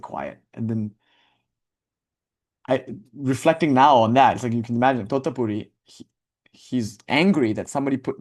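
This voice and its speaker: A man giving a reflective spiritual talk in a conversational, self-questioning way, thinking aloud as he goes. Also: mid-range voice. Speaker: spiritual teacher.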